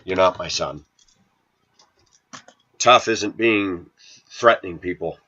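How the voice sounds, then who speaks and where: A middle-aged man with a sniffly cold rants straight to his viewers, scolding and preaching in a forceful, bright-edged tone that sits a bit low. The recording is dull and lo-fi. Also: slow pace. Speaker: video channel host. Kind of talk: ranting to camera. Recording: dull lo-fi sound.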